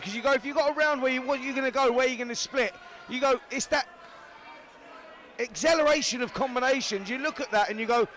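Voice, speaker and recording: A man's voice: very high-pitched, fast talker, fairly bright tone, a faint crowd. A man with a Cockney accent calling a boxing fight live from ringside, chatty and matey. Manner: chatty, matey, repeats himself. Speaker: boxing commentator. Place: boxing arena.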